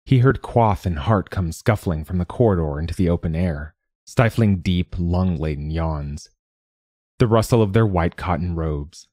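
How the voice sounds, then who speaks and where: Deep, dark-voiced male story narrator. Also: dry recording, studio quality. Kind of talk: scripted fiction narration.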